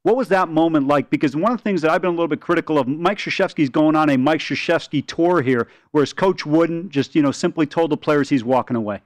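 Fast-talking male sports radio host. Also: fairly high pitch, no echo. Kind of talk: radio interview questions.

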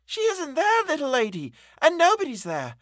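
A man's voice: extremely high pitch, huge pitch swings, normal speed, a bit bright, no echo, clean studio sound, pitched above the performer's own voice, full character voice. A man voicing a kindly, fussing older housekeeper in an audiobook, speaking in a soothing, coaxing way.

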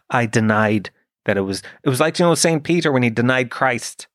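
A man rambles through a self-mocking story on his podcast, cursing casually as he goes. His voice sits at an ordinary middle pitch, and the sound is close and dry, with no room echo. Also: lively intonation, fairly quick, a bit bright. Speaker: podcast host.

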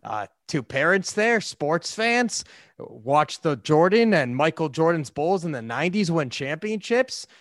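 A man's voice: fairly high pitch, very animated, unhurried, fairly bright tone, no echo, studio quality. A man, an MMA interviewer who refers to himself in the third person and talks like an upbeat promoter. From Chicago area. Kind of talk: casual chat.

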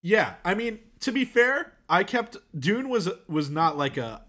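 Playful man with a slightly high voice. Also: big pitch swings, fairly bright tone. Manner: teasing, playful, quick to laugh. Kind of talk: casual chat.

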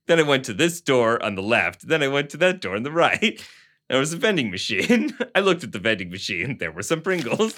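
A man co-hosting a podcast who reads a story aloud and chats casually, laughing often. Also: fairly low pitch. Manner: animated, laughs often while reading. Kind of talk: casual chat and story reading.

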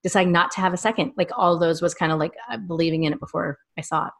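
A woman's voice: on the low side, racing, creaky, fairly bright tone. A woman in her thirties, a guest in a casual interview, telling long, rambling personal stories. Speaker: small business owner and guest.

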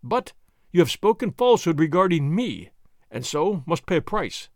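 A man's voice: on the high side, very animated, moderate pace, no room sound, clean studio sound. A man voicing a bold, dashing masked swordsman who talks in a proud, taunting, declamatory way. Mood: mocking.

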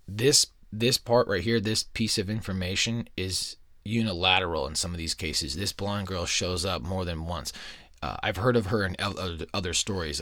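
A man's voice: low voice, a bit bright, no echo, studio quality. A man hosting a podcast, telling paranormal stories in a casual, rambling and heavily profane way, often breaking off mid-thought. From United States. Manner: profane, rambling, self-interrupting. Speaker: podcast host.

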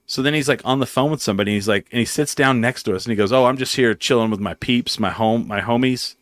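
A man in a dry, close-miked room spins a rambling story, swearing freely and slipping into the voices of the people he quotes. His pitch sits in the middle for a man, and his delivery is loose and conversational. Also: fast talker, no room sound. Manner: profane, animated storyteller acting out quotes. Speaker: podcast host. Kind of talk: casual storytelling chat.

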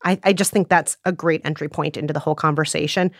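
Woman cohosting a podcast, earnest and reflective, kinda low voice, dry close mic. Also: fairly even intonation, quick pace, no echo. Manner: earnest, warm laughter, reflective. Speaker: podcast co-host. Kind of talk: casual chat.

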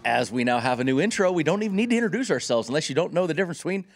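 A man with a West Coast US accent co-hosting a racing betting podcast, jokey and animated, often tripping over his words. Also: fairly high pitch, very fast, slight background noise. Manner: animated, jokey, stumbles and restarts. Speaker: podcast co-host. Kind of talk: casual sports-betting chat.

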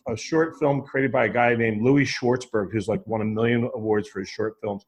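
A slightly bright, medium-pitched male voice explains a mindset approach conversationally and with emphasis. He repeats himself, plays out his own thoughts as quoted speech, and keeps restarting and adding "right?"

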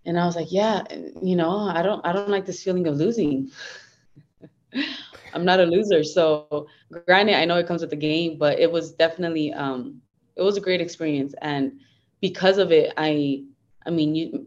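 A woman's voice: low-pitched, steady tone, normal speed, dull audio. A young woman fighter talking earnestly and upbeatly as a guest in a casual interview. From United States. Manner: earnest, upbeat, code-switches Spanglish.

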